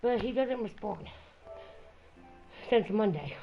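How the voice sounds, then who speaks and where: A woman out of breath, telling a rambling, upset personal vlog story with halting restarts. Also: mid-range voice, lively intonation, creaky, soft background music. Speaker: vlogger. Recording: dull lo-fi recording.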